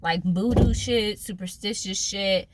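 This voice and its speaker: A woman's voice: mid-range voice, a little slow, noisy background. A woman co-hosting a podcast in casual chat, blunt and joking, laughing often. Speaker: podcast co-host.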